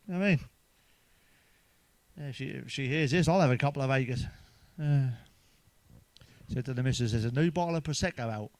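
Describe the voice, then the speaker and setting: A middle-aged stand-up comedian tells crude jokes to camera, swearing often and laughing at his own punchlines. His mid-range voice has a darkish tone; he talks fairly quickly, pauses often, and there's no echo.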